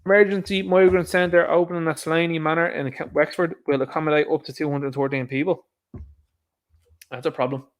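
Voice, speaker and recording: A man's voice: on the high side, flat delivery, a little fast. An Irish man giving indignant, sarcastic commentary on news headlines, addressing his viewers as lads. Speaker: vlogger, commentator.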